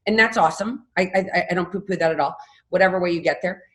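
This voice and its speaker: Candid woman in her fifties, lowish voice. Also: fast talker. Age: 50s. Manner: candid, animated storytelling. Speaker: podcast guest. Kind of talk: casual interview talk.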